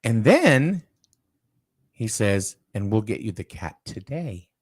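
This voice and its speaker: A man hosting a casual local talk show, telling an animated story and repeating "I said" as he goes. He is from Eastern Connecticut. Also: lowish voice, slow pace, breathy edge. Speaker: host.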